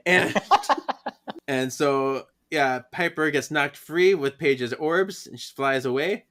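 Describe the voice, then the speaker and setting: Bright, animated man recapping comics. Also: on the high side, slow pace. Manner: animated, laughs often, acts out characters' lines. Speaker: podcast co-host. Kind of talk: casual recap chat.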